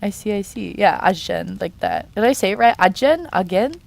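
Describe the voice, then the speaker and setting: A woman's voice: medium pitch, expressive, normal speed, creaky, a little mellow, no echo. A young woman chatting casually on a live stream while she draws, playfully reading and answering chat messages. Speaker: art streamer.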